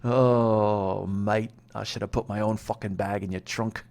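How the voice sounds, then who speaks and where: A man's voice: fairly low pitch, steady tone, unhurried, creaky, darkish tone. A man voicing a curt, entitled British male passenger with a Liverpool accent. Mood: grumbling. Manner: brusque, entitled.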